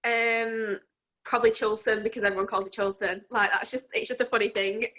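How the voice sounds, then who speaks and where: A woman's voice: fairly high pitch, flat delivery, brisk, fairly bright tone. A woman in her twenties, a children's entertainer, chatting casually and giggling between answers in an interview. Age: 20s.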